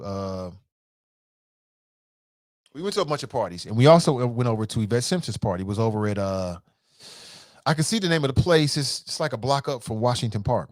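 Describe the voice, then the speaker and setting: A man's voice: mid-range voice, a little mellow, no room sound, clean studio sound. A man hosting a talk show, telling a story in a casual, jokey way and acting out the quotes with voices. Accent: American.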